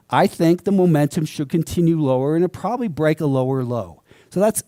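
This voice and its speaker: Mellow, higher-voiced man teaching a conference crowd. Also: no room sound, clean studio sound. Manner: conversational teaching, asks the audience rhetorical questions. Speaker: trading educator presenting charts. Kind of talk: live conference talk. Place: conference presentation to an audience.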